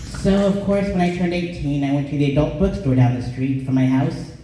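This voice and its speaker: A male stand-up comedian from Colorado, delivering a deadpan comedy set in a small club. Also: fairly high pitch, background noise. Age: 20s or older. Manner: deadpan, sings a parody song at a slow drawn-out pace. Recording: echoey room, voice caught from a distance.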